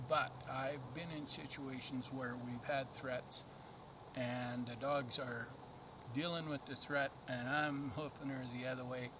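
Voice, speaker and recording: Man, slow unhurried delivery, middle pitch, plainspoken dog trainer, noisy outdoor recording. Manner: plainspoken, practical explaining. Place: outdoors in open country.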